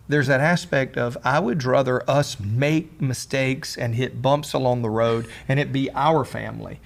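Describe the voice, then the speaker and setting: Gravelly-voiced husband talking earnestly. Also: male voice, mid-range voice. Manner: earnest, halting with repeated words. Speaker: podcast co-host, husband. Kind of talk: casual conversation about marriage.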